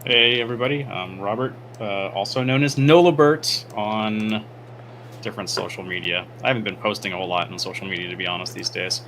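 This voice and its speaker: Male player, lowish and bright tone, casual, filler-heavy. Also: brisk, slight background noise. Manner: rambling, with many fillers. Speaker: tabletop game player. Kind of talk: casual self-introduction.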